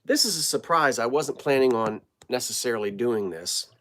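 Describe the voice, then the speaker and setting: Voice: mid-range voice, animated, moderate pace, fairly bright tone. A middle-aged host from New Jersey, chatting casually on a live stream from a home basement and greeting viewers by name.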